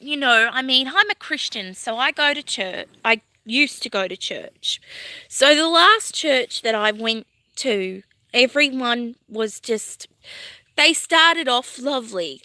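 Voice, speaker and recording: Bright-voiced chatty woman in her thirties. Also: on the high side, dry recording. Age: 30s. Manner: rambling, emotional, heartfelt. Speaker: vlogger. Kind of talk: casual talk to camera.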